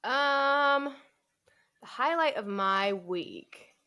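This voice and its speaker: A woman's voice: high voice, lively intonation, extremely slow, sharp tone, clear, resonant tone. A woman co-hosting a casual business podcast, chatty and self-deprecating, laughing often. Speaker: podcast co-host. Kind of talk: casual chat.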